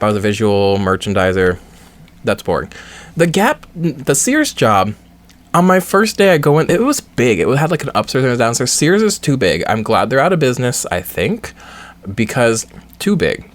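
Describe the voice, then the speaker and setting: Playful, animated young man. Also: mid-range voice. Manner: playful, joking asides. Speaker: game streamer. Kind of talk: playthrough commentary, reading the dialogue aloud. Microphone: headset or desk mic with face cam.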